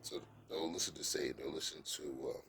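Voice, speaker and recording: A man's voice: very deep voice, fairly even intonation, moderate pace, fairly bright tone, slight background noise. A man giving a rambling motivational monologue to the camera, repeating himself and restarting often. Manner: repetitive, frequent fillers and restarts. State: voice cracking.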